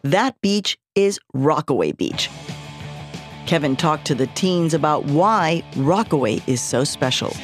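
A woman's voice: low-pitched, sing-song, unhurried, soft background music. A woman reporter narrating a scripted radio feature with a wry, playful delivery.

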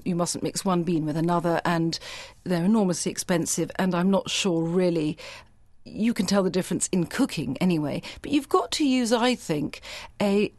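Woman guest, low-pitched, measured and eloquent, dry sound. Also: a little mellow, dry recording. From Britain. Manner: articulate, measured, elaborating with asides. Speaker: food writer guest. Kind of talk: interview conversation.

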